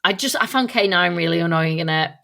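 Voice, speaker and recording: A woman's voice: fairly low pitch, fast, gravelly, sharp tone. A woman co-hosting a podcast in casual chat, thinking aloud with lots of fillers and restarts. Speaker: podcast co-host.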